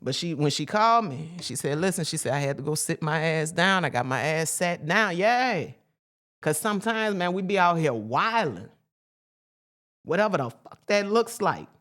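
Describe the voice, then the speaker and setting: A woman's voice: low voice, animated, normal speed, a bit bright. A woman delivering a loose, sermon-like spiritual talk. She speaks emphatically in casual slang, drops curse words freely, and leans on repetition to drive her points home. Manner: repeats phrases for emphasis. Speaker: spiritual teacher. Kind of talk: informal spiritual teaching monologue.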